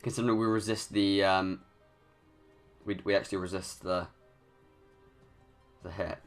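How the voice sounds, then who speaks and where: A man's voice: deep voice, steady tone, unhurried, faint music behind. A young man giving live commentary over a video game. He thinks aloud, restarts his sentences often and rants when things go against him. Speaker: gaming YouTuber.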